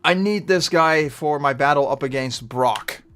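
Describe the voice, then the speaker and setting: A man with a Dutch accent chatting through a live game stream, rambling and getting loudly frustrated at times. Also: a little high, unhurried, clean tone. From Netherlands. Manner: chatty, bursts of frustration, trailing off.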